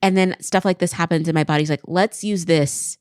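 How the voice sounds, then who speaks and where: A woman's voice: lowish voice, fairly even intonation, brisk, darkish tone, smooth, no room sound, clean studio sound. A woman in her forties co-hosting a podcast, telling a rambling, self-deprecating story in a casual chat full of "like". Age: 40s. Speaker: podcast co-host.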